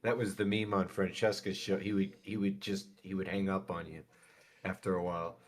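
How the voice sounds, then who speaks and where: Podcast co-host: a man with a fairly low voice, excitable and quick to laugh. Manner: laughs easily, excitable storyteller. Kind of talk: casual podcast chat.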